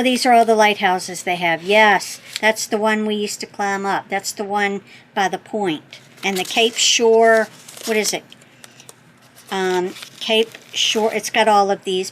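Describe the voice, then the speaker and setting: A middle-aged woman talks slowly through her craft vlog, gushing over each thing and stopping to correct herself as she thinks out loud. Her voice sits at an ordinary middle pitch, with a faint hiss of background noise behind it. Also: poor audio. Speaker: craft channel host. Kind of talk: casual chat opening happy mail.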